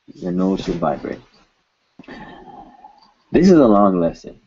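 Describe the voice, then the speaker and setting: A man's voice: sits low, big pitch swings, moderate pace, pauses often, dark tone, slightly rough, highs cut off. A man teaching a recorded language lesson, patiently repeating words and adding joking asides.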